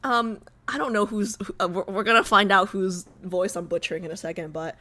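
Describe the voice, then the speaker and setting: A woman's voice: mid-range voice, fairly even intonation, fairly quick, sharp tone. A young woman streamer chatting casually on a live stream, nervous and rambling, repeating herself.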